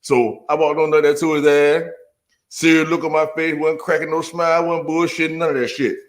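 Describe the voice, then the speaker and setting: A man telling a profane, animated story full of slang in a casual chat. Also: fairly high pitch, fairly quick.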